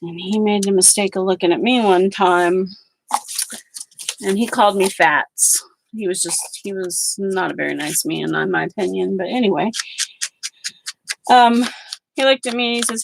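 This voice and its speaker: Speaking at a moderate pace with vocal fry and a medium pitch, a middle-aged woman crafts on camera while she talks. She chats casually and tells stories in an outspoken way. The recording is poor, with slight background noise.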